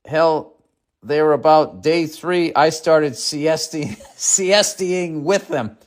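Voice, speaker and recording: A man's voice: a little high, slow, pitched above the performer's own voice. A man voicing a folksy older Southern carpenter boss, with a Southern accent and a drawling storytelling manner.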